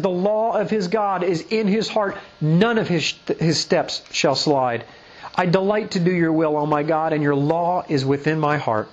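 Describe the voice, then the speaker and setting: A pastor with a notably high voice gives an emphatic sermon, teaching as he goes. He checks in with listeners again and again through rhetorical questions and reads passages of scripture aloud. The recording is a little dull and lo-fi.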